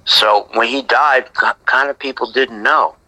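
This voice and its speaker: A middle-aged man, a graffiti artist, telling stories from his past in a chatty way that often sinks into a breathy whisper. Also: medium pitch, steady tone, unhurried, pushed and bright, no echo, poor audio. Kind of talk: casual storytelling interview.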